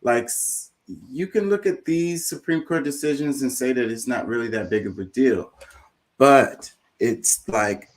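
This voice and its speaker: A man's voice: medium pitch, measured pace, rough recording. A man hosting a video, reacting to a clip in loose, informal commentary that rambles and leans on "you know". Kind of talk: casual commentary.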